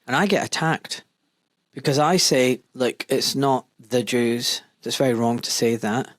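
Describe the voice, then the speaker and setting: A man from Scotland who is a doctor, hosting a podcast in a blunt, animated way, full of asides and quoted voices. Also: medium pitch, unhurried, no echo. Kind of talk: casual opinionated podcast talk.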